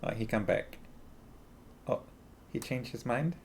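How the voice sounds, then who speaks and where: A man hosting a relaxed live stream from home, with a gravelly, fry-heavy voice. He greets viewers one after another and chats playfully, now and then turning to talk to his dog. His voice sits at an ordinary male pitch. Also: a little slow, slight background noise. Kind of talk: casual live-stream chat.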